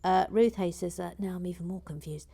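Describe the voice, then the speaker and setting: A woman hosting a live building stream, chatting casually in a soft, often half-whispered voice as she reads out viewer comments. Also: fairly low pitch, brisk, gravelly, husky.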